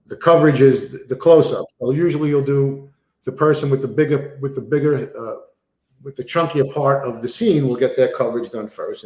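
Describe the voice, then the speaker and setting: A man's voice: medium pitch, reverberant. A man, an actor guest telling stories in a casual interview with lots of fillers. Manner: animated storyteller, many fillers. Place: remote video call.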